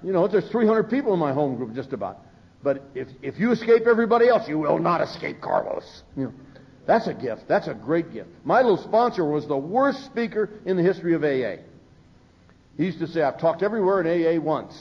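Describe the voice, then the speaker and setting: A man's voice: a little high, very animated, fairly quick. An older man speaking at a recovery meeting, telling humorous stories and acting out the voices he quotes. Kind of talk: storytelling talk from a podium. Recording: dull lo-fi live recording.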